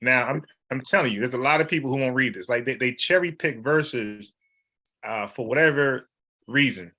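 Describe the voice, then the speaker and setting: A man's voice: medium pitch, normal speed, bright, forceful tone. A man leading an informal Bible study, talking in an emphatic, slangy, conversational way.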